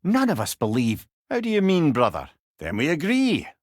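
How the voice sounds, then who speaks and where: Wry, counseling sidekick head for game lines, animated delivery, dry studio sound. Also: male voice, a little high, normal speed, no echo. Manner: familiar, calls listener brother and lad. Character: wise, wry older male advisor, a talking head. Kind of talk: video game voice acting.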